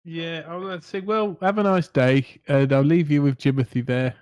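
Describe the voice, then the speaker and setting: Male player, hesitant, joking, slightly high voice, dry recording. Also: fairly even intonation, moderate pace, darkish tone, clean tone, dry recording. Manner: hesitant, jokey. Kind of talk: tabletop role-play.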